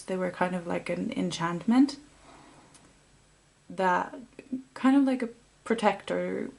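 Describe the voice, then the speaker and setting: A woman giving an intuitive tarot reading to her viewers, talking in a soft, heartfelt and rambling way. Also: medium pitch. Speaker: tarot card reader.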